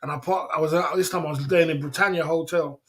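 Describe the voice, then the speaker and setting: A British man hosts a livestream in a steady, slightly rough voice that sits on the high side and moves at a quick pace. He rambles through casual stories, chuckles often, and keeps checking in with listeners by asking "you know what I'm saying."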